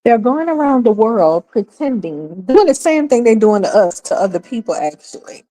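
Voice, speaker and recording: This woman runs her own talk stream in a high, warm, sing-song voice at a moderate pace. Chatty and emphatic, she speaks straight to viewers, repeats her points and breaks into laughs.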